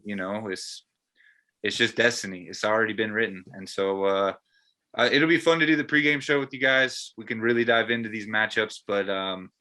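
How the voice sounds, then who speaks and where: A man's voice: on the low side, steady tone, normal speed, sharp tone. A man and former player co-hosting a casual postgame chat, earnest and rambling with lots of fillers.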